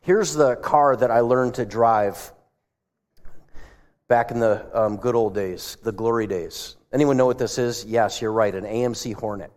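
A man's voice: mid-range voice, measured pace, darkish tone. A male pastor giving a sermon in a church, telling stories in a conversational way and asking the congregation questions. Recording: long hall reverb.

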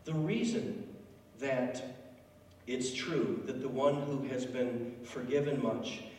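A man's voice: mid-range voice, takes it slowly, darkish tone. A male pastor preaching a sermon in a conversational, emphatic storytelling manner, recorded in a large church. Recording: echoey hall, distant mic, faint noise.

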